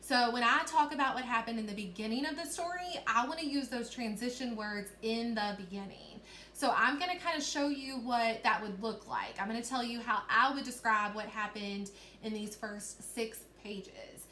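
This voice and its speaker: A woman teacher with a slightly high voice talks children through a reading lesson. She explains each step patiently and keeps checking that they follow along. Her voice carries a roomy echo over a faint hiss. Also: normal speed, pushed and bright.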